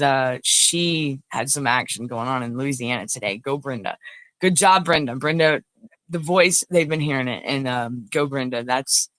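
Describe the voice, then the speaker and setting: A woman's voice: low voice, a bit bright, no room sound. A woman hosting a casual livestream, chatting in a rambling way and greeting viewers by name. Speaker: livestream host. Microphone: phone.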